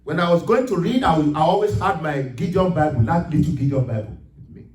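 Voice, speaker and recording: Delivering a sermon at a slightly fast pace, this pastor has a high, animated voice that swells into emphatic shouts over scripture passages. The mic sits far off in an echoey church hall, so the sound is spacious and reverberant.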